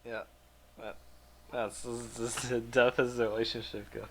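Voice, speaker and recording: A man's voice: mid-range voice, level tone, measured pace, crowd noise. A man co-hosting a podcast, chiming in with short wry remarks and laughing along. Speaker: podcast co-host. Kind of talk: casual chat.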